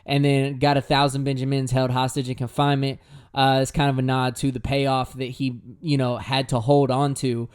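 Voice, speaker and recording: A man talks loosely and casually about his own song, peppering his talk with slang. His voice is clear and resonant, at an everyday middle pitch. He sometimes drifts into lower, quieter asides. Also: flat delivery, normal speed. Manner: laid-back and chatty, with slang. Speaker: musician explaining his own lyrics. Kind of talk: casual lyric breakdown.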